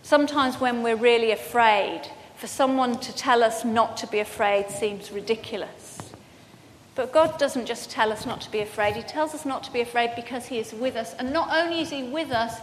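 High-voiced woman preaching in a hall. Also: moderate pace. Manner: earnest, personal, shifts between projected and soft-spoken. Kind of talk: sermon. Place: church hall. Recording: hall reverb, faint background noise.

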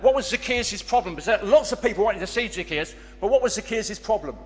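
A man's voice: sits high, expressive, fairly quick. A man leading a church children's club and speaking earnestly to a congregation, with fillers and restarts. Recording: long reverb of a big hall.

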